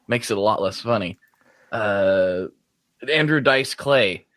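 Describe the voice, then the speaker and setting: A man hosting a podcast in a relaxed, chatty way, with plenty of filler words. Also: lowish voice, slow pace, dry recording. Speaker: podcast host. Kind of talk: casual podcast chat.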